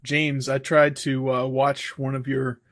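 A man's voice: medium pitch, flat delivery, a little slow, no room sound. Laid-back man on a chat show. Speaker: podcast co-host. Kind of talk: casual chat.

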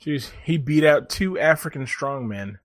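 A man co-hosting a podcast in casual chat, animated and rambling, laughing often. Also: fairly high pitch, measured pace, heavy background noise. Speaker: podcast co-host.

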